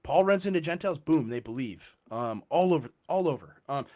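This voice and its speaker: A man's voice: a little high, animated, fairly quick, dark tone. A man in a casual theological discussion, explaining passages and often checking in with "right?".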